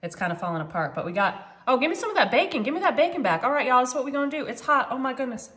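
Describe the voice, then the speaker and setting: A woman's voice: sits high, sing-song, racing, a bit bright, reverberant. A woman, hosting a casual cooking vlog and chatting to viewers as y'all from her home kitchen. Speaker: cooking channel host.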